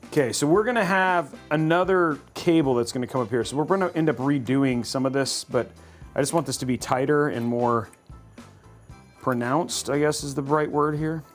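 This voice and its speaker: A man's voice: a little high, moderate pace, soft background music. A man hosting a livestream, chatting casually and thinking aloud while building a computer. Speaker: host.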